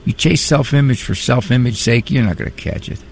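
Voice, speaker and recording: A man's voice: mid-range voice, fairly quick, slight background noise. A middle-aged man hosting a call-in radio show, talking in a conversational, wry way with preachy asides. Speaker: radio call-in host and psychologist. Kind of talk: talk-radio monologue.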